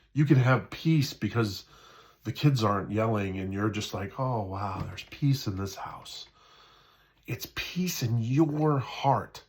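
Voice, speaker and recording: In a casual spiritual talk, a man with a medium-pitched, slightly mellow voice speaks conversationally. He repeats himself, keeps asking "right?" and acts out the inner voices in people's heads.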